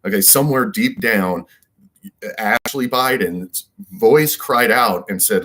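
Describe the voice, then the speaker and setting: A man's voice: lowish voice, takes it slowly, a bit bright. A man giving a rambling solo monologue as a commentator, emphatic and repetitive and full of rhetorical questions. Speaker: political commentator.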